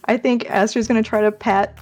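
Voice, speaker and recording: A woman's voice: on the high side, steady tone, a little slow, darkish tone, soft background music. A woman playing in a tabletop game, casually describing her character's actions and laughing often. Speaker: player.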